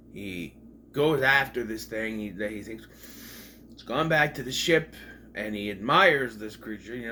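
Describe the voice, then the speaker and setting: A man's voice: mid-range voice, sharp tone, slight background noise. Chatty man rambling through a TV retrospective. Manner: rambling, chatty, jokey asides. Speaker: video reviewer. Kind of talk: casual retrospective commentary.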